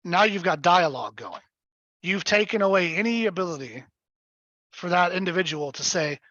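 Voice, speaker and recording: High-pitched man running a webinar for sales agents, blunt and emphatic; dull, dry lo-fi call audio. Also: animated, moderate pace, fairly bright tone, dry recording. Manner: blunt and emphatic, often checks in with "right?". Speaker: real estate sales trainer. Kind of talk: live webinar coaching.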